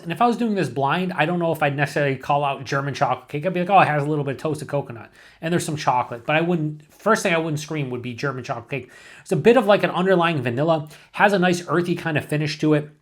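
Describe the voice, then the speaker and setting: A man giving a casual beer review to camera, thinking aloud and rambling with restarts and asides. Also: fairly high pitch.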